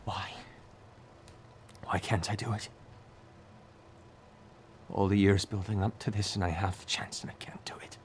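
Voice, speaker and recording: A man voicing a bitter, heartbroken young woman fighter in a tabletop game, speaking softly with a shaky, near-whispered voice. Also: fairly low pitch, fast, slight background noise, close to an everyday voice. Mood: trembling. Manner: soft trembling voice, near whisper.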